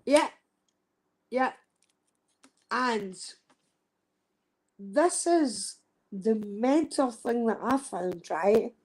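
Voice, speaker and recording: A woman's voice: a little high, lively intonation, very slow, pauses often, darkish tone, poor audio. A young woman talking openly and emotionally on a live stream, swearing freely and repeating herself. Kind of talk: emotional casual chat.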